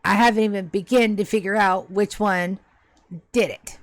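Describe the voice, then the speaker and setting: A flustered centuries-old ghost, put on by a woman running a tabletop game, who stammers, rambles and keeps correcting itself. The voice sits at an ordinary middle pitch and sounds close and dry, with no room around it. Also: fairly even intonation, normal speed, no echo, natural voice. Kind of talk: tabletop game role-play.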